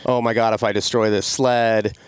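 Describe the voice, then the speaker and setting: Middle-aged guy with a smooth clear voice, animated storytelling, chatty podcast guest. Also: on the low side, normal speed, dry recording. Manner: animated, excited storytelling with laughs. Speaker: podcast guest, snowmobile rider. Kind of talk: casual storytelling.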